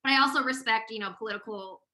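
A woman's voice: a little high, racing, noisy background. A woman hosting a podcast in casual, enthusiastic conversation, talkative and passionate. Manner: enthusiastic, talkative, frequent laughs. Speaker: podcast host.

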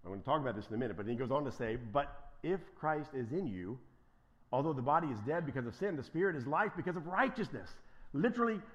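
A man preaching an emphatic sermon as pastor, swinging from quiet asides to loud, impassioned declarations. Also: mid-range voice, animated, quick pace, muffled recording.

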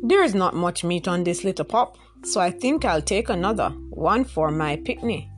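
A sly male spider trickster talks in a smooth, scheming way, as a woman storyteller puts him on. His voice lifts a little above her own, and it is lively and full of bounce. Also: fairly low pitch, moderate pace, faint music behind, close to an everyday voice.

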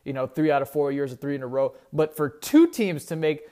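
Young male sports host, slightly higher voice, loose and rambling, keeps restarting his sentences. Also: animated, brisk, dark tone. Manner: rambling, self-correcting, conversational. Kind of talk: casual solo sports talk.

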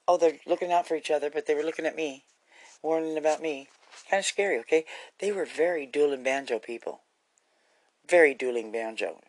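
A man talking straight to his viewers in a scattered, jumpy ramble that starts and restarts. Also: a little high. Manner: scattered, jumpy, restarts often, folksy "y'all". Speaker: vlogger. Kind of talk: rambling casual monologue to viewers.

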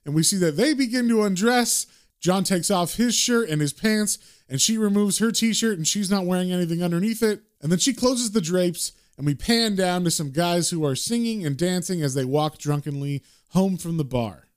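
A man's voice: high-pitched, moderate pace. Chatty man retelling a comic. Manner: chatty, relaxed storytelling. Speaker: comic book recap host. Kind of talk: casual comic recap narration.

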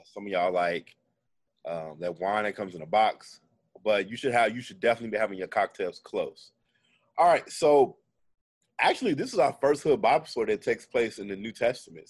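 A man's voice: mid-range voice, dry recording. Laid-back man telling a slangy comic story. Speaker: podcast co-host telling a comic Bible story. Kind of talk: casual comedic storytelling.

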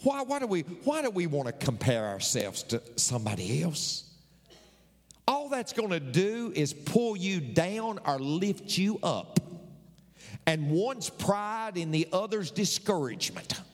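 A preacher man talks to his congregation with a folksy touch, repeating his main points. His voice sits high and swings widely as he takes his time. A long reverb trails every phrase. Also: big pitch swings, a little slow. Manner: folksy, repeats key lines for emphasis. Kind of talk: sermon.

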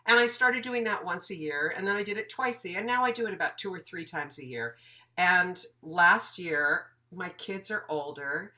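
A woman's voice: lowish voice, normal speed. A woman in her fifties, a voiceover teacher, chatting in an interview and acting out the dialogue in her stories. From United States. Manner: animated, acts out quoted dialogue. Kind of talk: casual storytelling interview.

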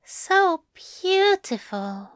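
A fussy, courteous male angel, as a woman reading aloud puts him on, soft-spoken and exact. The voice sits noticeably higher and a touch louder than her narration. It is recorded dry and close. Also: animated, measured pace, no room sound, exaggerated voice. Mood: gentle, coaxing. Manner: polite and precise, murmuring.

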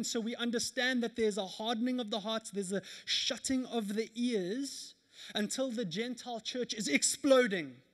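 A man in his thirties preaching a sermon at a church service, telling stories in an animated way with laughter. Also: very high voice, normal speed. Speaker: pastor.

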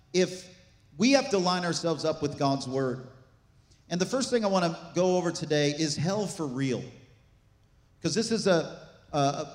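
A man preaching a sermon as pastor, animated, with asides and jokes to the congregation. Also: a little high. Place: church sanctuary. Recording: echoey church hall.

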